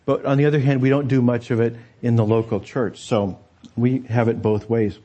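A man's voice: mid-range voice, steady tone, moderate pace, mellow, muffled recording. A man preaching a sermon as pastor, talking conversationally and turning to the congregation with rhetorical asides.

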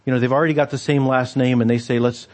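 A man's voice: medium pitch, steady tone, very fast. A man preaching a conversational sermon, reading scripture aloud and explaining it with wry asides and frequent hesitations. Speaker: pastor.

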